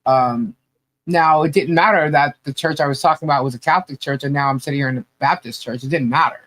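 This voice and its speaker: Rambling man with a higher voice. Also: quick pace, fairly bright tone. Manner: rambling, filler-heavy storytelling with laughs. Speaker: podcast co-host. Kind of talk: casual chat.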